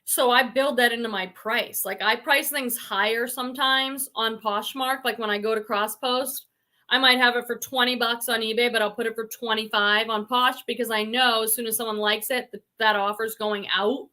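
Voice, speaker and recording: A woman's voice: a little high, fairly even intonation, normal speed, bright, forceful tone. A middle-aged woman hosting a casual live stream about online reselling, chatting and reading viewer comments aloud. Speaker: reselling channel host.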